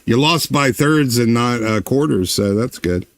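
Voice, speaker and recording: A man's voice: medium pitch, lively intonation, a little slow, dry recording. Southern-accented male co-host, laughing and joking, close dry mic. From Atlanta, US South. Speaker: podcast co-host. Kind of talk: casual chat.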